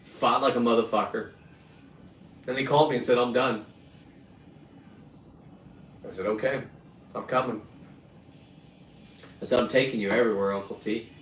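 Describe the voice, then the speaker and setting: A man's voice: medium pitch, steady tone, moderate pace, long pauses, fairly bright tone, a little hiss or hum. A middle-aged man rambling through a profane, boastful story as host of his own videos. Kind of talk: rambling casual monologue. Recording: echoey and distant with faint ambience.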